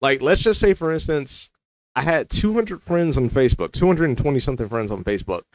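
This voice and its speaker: A man's voice: fairly high pitch, lively intonation, a little fast, no room sound, low-quality recording. A young adult man vlogging, telling a personal story in a loose, rambling way full of "like" and "you know".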